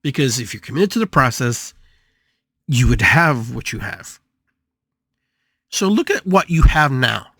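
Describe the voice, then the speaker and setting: An older man hosting a spiritual podcast, giving a motivational talk in an animated way, with sudden jumps in pitch and playful, drawn-out repetition of words. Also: breathy edge, no room sound, studio quality. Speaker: podcast host and spiritual healer.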